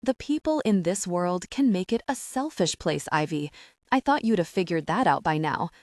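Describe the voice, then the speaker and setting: A woman voicing a smug, scheming woman who speaks slowly and mockingly in an audiobook. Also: on the low side, animated, darkish tone, dry recording, studio quality, lightly acted. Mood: cold. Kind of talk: audiobook narration.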